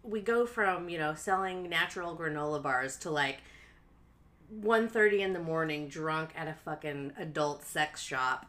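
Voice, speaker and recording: Animated woman telling a wild story. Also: normal speed. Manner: animated, laughing, acts out quotes in a high voice; frequent "like" fillers. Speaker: podcast co-host. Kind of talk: casual storytelling chat.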